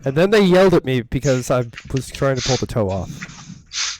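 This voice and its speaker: A man playing his character in a tabletop game, telling a halting, rambling story. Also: medium pitch, big pitch swings, a little mellow. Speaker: player. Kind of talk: in-character tabletop role-play.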